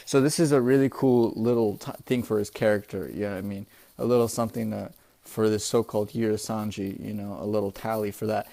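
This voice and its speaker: A man's voice: medium pitch, a little mellow. Laid-back, profane young-sounding guy. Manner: profane, laid-back, says "bro" and "dude" a lot; rambling, many restarts and fillers. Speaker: manga reviewer, channel host. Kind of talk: casual spoken review.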